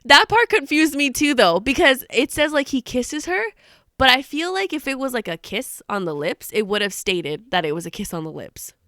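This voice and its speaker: A young woman co-hosting a casual book podcast, recapping scenes and acting out quotes in hushed voices, laughing often. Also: high voice, big pitch swings, moderate pace, no room sound, studio quality. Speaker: podcast co-host.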